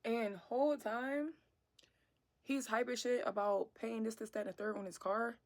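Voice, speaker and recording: A slightly high-voiced woman tells a date story to her viewers. She is blunt, slangy and full of profanity, and she acts out the retelling with energy. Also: fairly even intonation, normal speed. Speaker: vlogger. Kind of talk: storytime narration.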